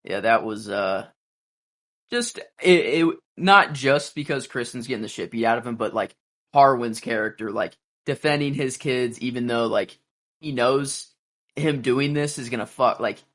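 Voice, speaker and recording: A man's voice: medium pitch, measured pace, a bit bright. Laid back podcast cohost guy, kinda hesitant, trails off mid thought. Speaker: podcast co-host. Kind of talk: casual episode breakdown.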